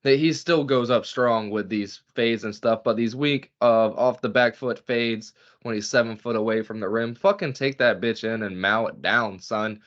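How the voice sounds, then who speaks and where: A man's voice: mid-range voice, normal speed, few pauses. Profane, ranting male podcast co-host. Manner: profane, animated rants. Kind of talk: casual sports chat. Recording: dull lo-fi podcast audio.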